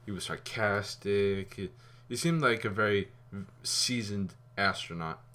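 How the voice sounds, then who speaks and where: A man giving a casual spoken movie review, rambling and animated, with fillers and some swearing. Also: lowish voice, unhurried.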